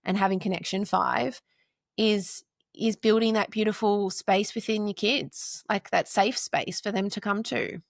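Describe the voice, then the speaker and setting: A woman in her forties speaks as a podcast guest in a relaxed interview, with a gravelly edge of vocal fry running under a mid-pitched voice. She talks earnestly and builds long lists of short phrases. The sound is close and dry. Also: a little slow, no room sound. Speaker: podcast guest, mother and counselor. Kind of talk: casual interview chat.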